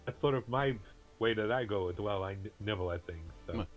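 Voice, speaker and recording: A man's voice: lowish voice, brisk, muffled recording, soft background music. A man playing in a tabletop game, chatty and playful in character. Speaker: player.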